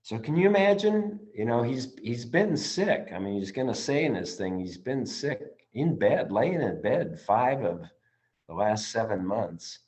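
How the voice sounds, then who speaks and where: A man leading a study session, reading passages aloud and commenting with many pauses, restarts and ums, earnest and sometimes emotional. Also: mid-range voice, expressive, a little mellow. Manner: earnest, gets emotional at times. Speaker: study group leader. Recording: slightly dull, lo-fi audio.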